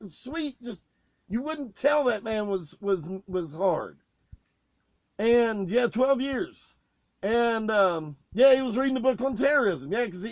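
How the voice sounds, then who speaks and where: A man co-hosting a casual podcast, telling profane backstage stories with loud, animated outbursts. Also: sits high, creaky, dry recording. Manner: loud, swearing, animated retelling with raised outbursts.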